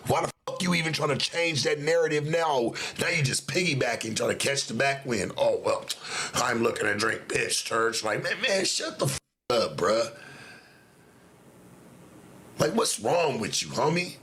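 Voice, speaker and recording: A man's voice: fairly high pitch, animated, moderate pace, a bit bright, slight background noise. A man hosting a livestream, ranting in confrontational, slangy street talk. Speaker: livestream host. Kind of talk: livestream rant.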